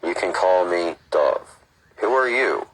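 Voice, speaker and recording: A man's voice: low-pitched, lively intonation, takes it slowly, noisy background. A man reading aloud as a young human girl who is polite and curious. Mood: friendly.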